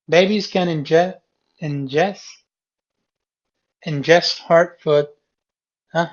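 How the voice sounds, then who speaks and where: A man's voice: a little high, drawn-out words, long pauses. A man teaching a class and going over a reading quiz. He explains each question step by step and repeats key words patiently. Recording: dull lo-fi classroom recording.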